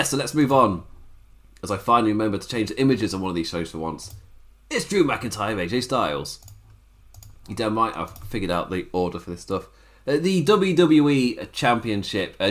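A man giving a casual solo review of a wrestling show, chatty and loose, laughing often between points. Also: on the low side.

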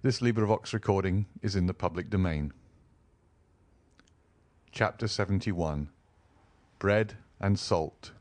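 Low-voiced man narrating an audiobook. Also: normal speed, hardly any pauses, darkish tone, dry recording. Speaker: audiobook volunteer reader. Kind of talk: scripted narration of a classic novel.

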